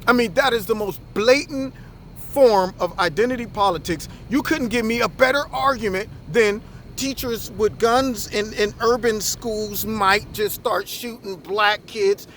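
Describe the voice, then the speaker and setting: High pitched guy ranting about the news, worked up, tells stories with lots of energy. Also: unhurried, a little hiss or hum. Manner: impassioned, animated storyteller. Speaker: commentator and former school principal. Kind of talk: opinion commentary with acted anecdotes.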